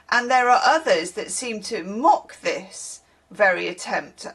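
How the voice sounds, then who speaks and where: A woman's voice: medium pitch, a bit bright, husky. A woman reading a text aloud in a casual video, often breaking off to comment on it and apologise for her pronunciation. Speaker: tarot reader.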